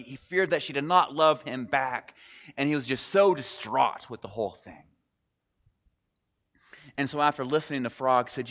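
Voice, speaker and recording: A man's voice: mid-range voice, a bit bright. A man preaching in a church, telling a story expressively, then reflecting on it. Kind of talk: sermon storytelling. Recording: dull recording with long hall reverb.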